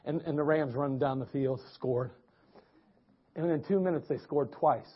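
A man's voice: mid-range voice, normal speed, slightly rough. A male pastor from preaching a sermon, telling a personal story in a folksy way with frequent restarts. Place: church sanctuary. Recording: dull lo-fi church recording.

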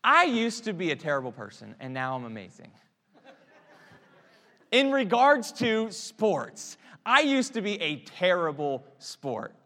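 A man preaching a sermon, swinging from hushed, quiet prayer to loud, emphatic exhortation. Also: high voice, sing-song, a little slow. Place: church sanctuary. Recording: long church reverb.

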